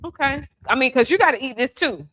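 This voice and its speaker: A woman with a bright, lively voice talks through a recipe at her stove. She chats casually and jokes with the person behind the camera. It sounds like a relaxed home kitchen video. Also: high voice, brisk. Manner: chatty, playful, teasing the person filming. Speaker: home cook host. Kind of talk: casual cooking demonstration.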